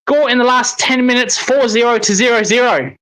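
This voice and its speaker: Male fan caller, bright forceful voice, excitable and sweary. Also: extremely high pitch, fairly quick, poor audio. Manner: excitable, swears in frustrated outbursts. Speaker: football fan commentator. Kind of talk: live watch-along commentary.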